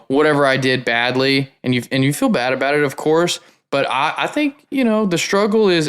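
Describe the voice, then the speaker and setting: Host: man with a smooth, resonant voice, eager and casual, stumbles over repeated words. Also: mid-range voice, a bit bright. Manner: enthusiastic, repeats words, says "man" often. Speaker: podcast host. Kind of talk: conversational podcast interview.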